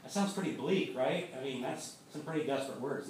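A man's voice: mid-range voice, animated, fairly quick, few pauses, darkish tone, slight background noise. Echoey, far-off man preaching casually. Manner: conversational, repeats words when starting a thought. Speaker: pastor. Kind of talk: sermon.

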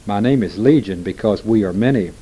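Pleading demon horde, read by a man, dark mellow low voice. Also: a little fast, husky.

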